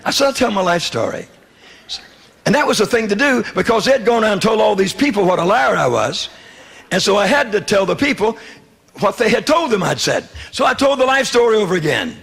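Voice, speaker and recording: A man's voice: high voice, big pitch swings, a little fast, vocal fry, fairly bright tone, slightly rough. A man from the South, preaching his testimony in a folksy, humorous way and acting out dialogue. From Southern United States. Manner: folksy, humorous, wry storytelling with quoted dialogue. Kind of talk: sermon testimony storytelling.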